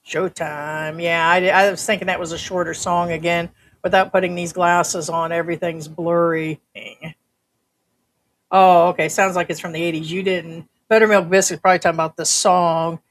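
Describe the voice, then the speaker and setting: Woman, older, from the US, livestream host, casual chatter, low-pitched. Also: level tone, normal speed. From United States. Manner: chatty, reads out viewer comments. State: uses a breathing machine.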